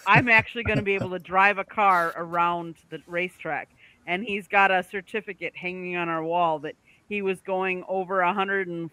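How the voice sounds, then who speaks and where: A woman's voice: lowish voice, sharp tone, clean tone, dry recording. A woman co-hosting a casual talk show, chatty, retelling a story and acting out the quotes. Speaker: co-host. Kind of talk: casual radio chat.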